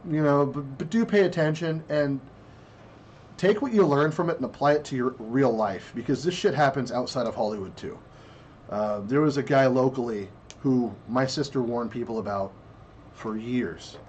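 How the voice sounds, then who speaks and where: A man's voice: medium pitch, a little mellow, slight background noise. A man co-hosting a casual podcast discussion, talking in a blunt, crude and rambling way. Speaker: podcast co-host.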